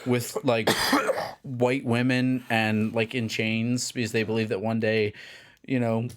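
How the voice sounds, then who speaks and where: A man, co-hosting a podcast and telling a long, rambling anecdote in casual chat, acting out the shouting of people in his story. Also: medium pitch, level tone, slow. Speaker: podcast co-host.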